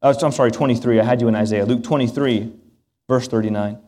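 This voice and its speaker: A man's voice: medium pitch, fairly even intonation, fast talker, dark tone. Earnest preacher man in a reverberant hall. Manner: earnest, emphatic preaching with asides to the congregation. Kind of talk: sermon.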